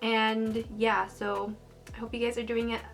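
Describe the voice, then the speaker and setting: Young adult woman, high-ish voice, gushing anime fan rambling her weekly review. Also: measured pace, vocal fry, faint music behind. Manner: gushing, excitable fangirl rambling. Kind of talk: casual episode review while doing makeup.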